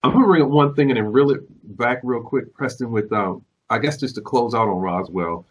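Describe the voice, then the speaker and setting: A man's voice: medium pitch, brisk, slightly rough, low-quality recording. A man hosting an interview, chatting casually and affirming his guest often. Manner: frequent affirming backchannels. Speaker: podcast host.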